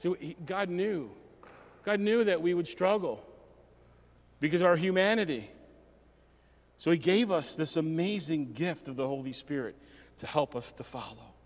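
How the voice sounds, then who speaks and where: Preaching at normal speed with frequent pauses, this pastor sounds emotional and animated in a fairly high voice. He often trips over his words and starts sentences again, while the church hall adds long reverb.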